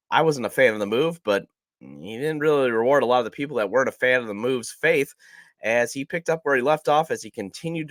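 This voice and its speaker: A man's voice: mid-range voice, a bit bright, dry recording, studio quality. A man hosting a casual sports podcast, chatty and self-deprecating, his voice nasal from a cold. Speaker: podcast host.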